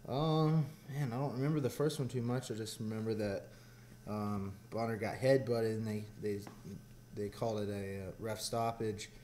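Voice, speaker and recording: A young man with a Southern US accent, chatting as an interview guest in a relaxed, rambling way. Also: on the low side, moderate pace, a little hiss or hum. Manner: laid-back, rambling with fillers. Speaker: guest fighter. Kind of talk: casual interview chat.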